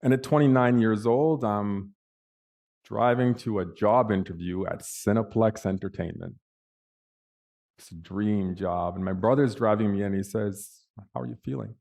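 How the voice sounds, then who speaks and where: A man's voice: fairly low pitch, measured pace, a little mellow. A man on a panel telling a personal story in a vivid, dramatic way with big swings in emphasis. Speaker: panel speaker.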